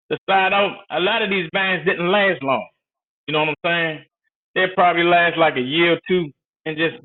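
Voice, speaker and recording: A man from Maryland tells stories in loose, easygoing street talk. His voice sits fairly high for a man. The sound is thin and tinny, like a phone line. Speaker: guest, music collector. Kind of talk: casual storytelling.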